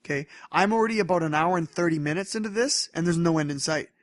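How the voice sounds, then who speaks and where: A young man co-hosting a podcast, chatting casually and telling rambling, animated stories with frequent laughter. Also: on the high side, quick pace, dry recording, clean studio sound. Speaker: podcast co-host. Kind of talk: casual chat.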